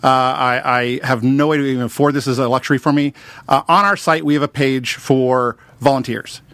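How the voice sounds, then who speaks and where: A man's voice: mid-range voice, steady tone, fairly quick, a bit bright, no echo. A man chatting on a talk radio show as a guest, rambling along in an upbeat way with plenty of ums. His voice sits in a middle range, recorded close and dry in a studio. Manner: rambling, filler-heavy, upbeat. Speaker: improv performer and puppet maker guest. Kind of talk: casual radio interview.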